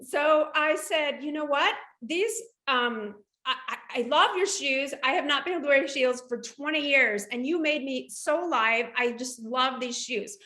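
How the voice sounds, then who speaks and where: Animated high-voiced American woman. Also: normal speed, few pauses. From United States. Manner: animated, acts out quoted dialogue. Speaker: guest entrepreneur. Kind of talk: casual storytelling. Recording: echoey room.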